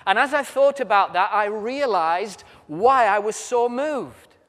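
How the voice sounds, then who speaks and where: A man's voice: high voice, animated, a little slow, a bit bright. A British man preaching at a convention, telling stories with humor as he walks about. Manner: storytelling with humor, walks around while speaking. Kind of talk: sermon. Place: large convention hall. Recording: reverberant hall.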